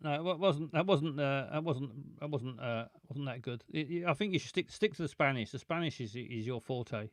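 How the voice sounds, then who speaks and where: A streamer reads out viewer questions in a casual, jokey chat, often stammering and repeating his words. His medium-pitched voice moves briskly with few pauses, captured in studio quality with no echo.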